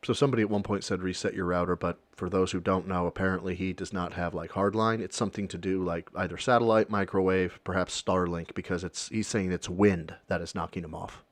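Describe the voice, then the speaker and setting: A man's voice: sits low, steady tone, a little fast, hardly any pauses, no echo. Dry-sounding sarcastic male streamer. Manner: sarcastic, profane, rambling asides. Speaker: streamer reacting to a video. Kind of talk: casual reaction commentary.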